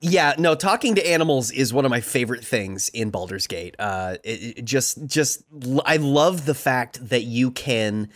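A co-host of a casual gaming podcast, telling stories in an animated way. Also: mid-range voice, moderate pace, hardly any pauses.

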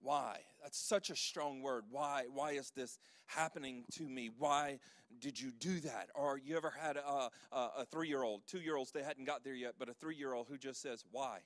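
A man's voice: mid-range voice, moderate pace, a bit bright, no echo. A man preaching a sermon as pastor, reading scripture emphatically and leading a prayer.

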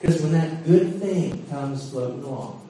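A male preacher giving a sermon with animated, jokey storytelling and frequent laughs. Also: fairly high pitch, measured pace. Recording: echoey hall, distant mic, faint hiss.

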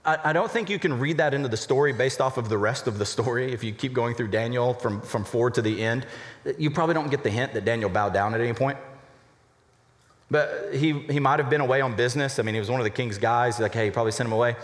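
A young adult man, a college pastor, preaching a sermon in a conversational, animated way, acting out little asides. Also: mid-range voice, fast. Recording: reverberant hall.

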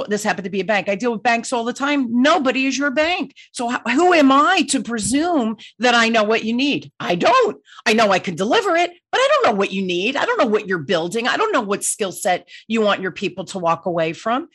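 A woman's voice: on the high side, expressive, brisk, few pauses, fairly bright tone. A woman, a sales coach, telling a story in conversation, emphatic and full of "right?" asides.

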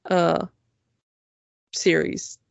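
Woman, podcast co-host, casual chat, very slow, halting, many fillers, dull dry recording. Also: dry recording.

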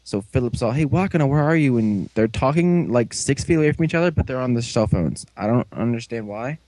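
A man casually recapping a show, rambling along and jumping into quick put-on voices for the characters. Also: medium pitch, animated, a little mellow, no echo, poor audio.

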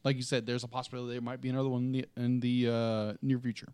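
A man's voice: medium pitch, level tone, racing, a little mellow, clean tone, no room sound. A man co-hosting a casual movie review, gushing with enthusiasm and often restarting as he searches for words.

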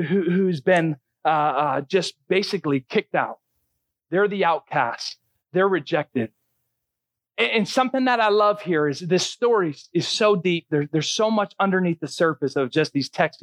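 A man's voice: sits high, animated, moderate pace, a bit bright, dry recording. A man preaching a sermon as a pastor, earnest and teaching, often restarting his sentences.

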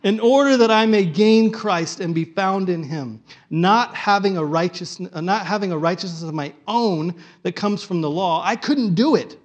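A man preaching a sermon in an animated way, often acting out the thoughts of imagined listeners. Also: sits high, moderate pace, few pauses. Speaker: pastor.

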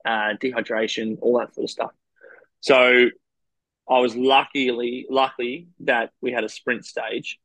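A man's voice: mid-range voice, level tone, unhurried, fairly bright tone, dry recording, rough recording. An Australian man, a professional cyclist, frankly recounting race stories in a rambling, casual interview. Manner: rambling, frank anecdotes with quoted dialogue.

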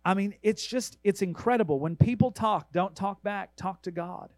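A man preaching a sermon in a fairly high voice, his delivery earnest and emphatic as he urges the listener on. He slows into a measured cadence when reading scripture. The sound is dry and close, with almost no room around it. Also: no room sound, rough recording. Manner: reads scripture aloud in a measured way. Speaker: pastor.

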